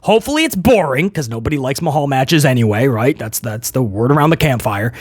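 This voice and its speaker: A man's voice: medium pitch, expressive, fairly quick, slightly rough, no room sound. A man hosting a wrestling commentary show, ranting sarcastically and swearing freely. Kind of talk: opinionated wrestling rant.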